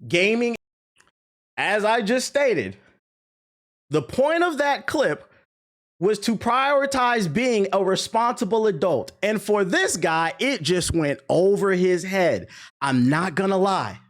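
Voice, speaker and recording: A man's voice: high voice, slow. A young man giving profane, emphatic commentary as a streamer reacting to a critic. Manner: animated, profane, emphatic ranting.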